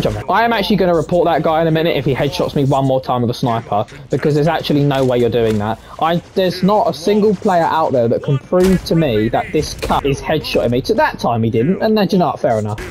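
A young man giving live gameplay commentary, trash-talking and swearing at opponents with sudden excited yelps. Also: fairly high pitch. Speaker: gaming streamer. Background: gunfire from the game.

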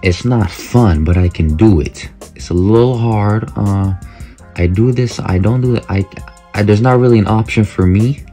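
Low, mellow young man riffing crudely. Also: moderate pace, soft background music. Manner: crude, joking, reacts loudly and swears often. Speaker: content creator. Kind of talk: casual commentary while taking an online quiz.

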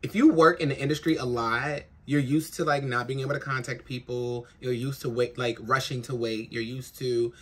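A woman's voice: a bass voice, steady tone, normal speed, hardly any pauses, slightly rough. A trans woman vlogging at home, worn out after crying, talking frankly and rambling with plenty of swearing. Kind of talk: casual vlog chat to camera. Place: home in a big city. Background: faint city noise.

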